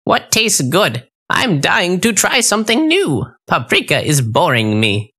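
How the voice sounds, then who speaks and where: A man putting on a cackling green-skinned witch for an audiobook. The voice is high and sharp and swings wildly in pitch, bossy and greedy one moment and cooing the next. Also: wildly swooping pitch, measured pace, husky, heavily acted. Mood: curious. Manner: high screechy put-on voice, snapping and cooing. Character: shrill green-skinned child-eating female witch, bossy. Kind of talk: audiobook character voice.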